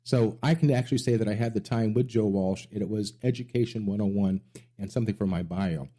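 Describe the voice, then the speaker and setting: A man's voice: on the low side, fairly quick, dark tone. A middle-aged man hosting a music radio show, telling rambling stories with enthusiasm. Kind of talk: casual interview chat.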